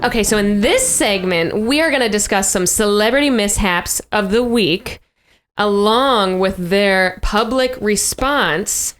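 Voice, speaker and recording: A woman hosting a casual podcast. She tells stories bluntly and with a lot of animation. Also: faint music behind. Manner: animated, blunt storytelling, quick pitch jumps when joking. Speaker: podcast host.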